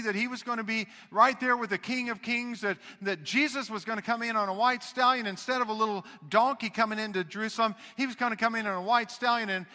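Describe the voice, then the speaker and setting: A man preaching a sermon as pastor, talking conversationally and swinging between loud emphasis and hushed asides. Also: extremely high pitch, long reverb tail.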